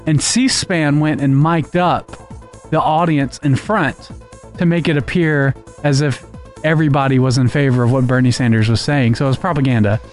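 A man's voice: medium pitch, normal speed, soft background music. A man co-hosting a Christian talk radio show, chatting casually, laughing easily and explaining at length. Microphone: studio microphone.

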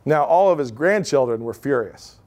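A man's voice: medium pitch, animated, moderate pace, darkish tone. Man telling stories at a live talk. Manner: conversational storytelling, many "like" asides. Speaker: speaker at a live event. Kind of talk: informal talk with audience Q&A.

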